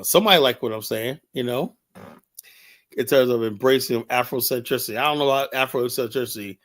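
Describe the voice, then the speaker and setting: A man's voice: mid-range voice, brisk. Blunt, rambling male livestream host. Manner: blunt, rambling, full of "you know". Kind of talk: casual livestream commentary.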